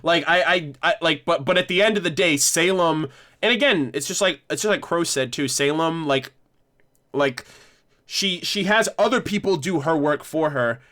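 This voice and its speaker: A man's voice: a little high, sharp tone. A man hosting a casual livestream discussion, rambling with many restarts and some swearing. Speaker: livestream host.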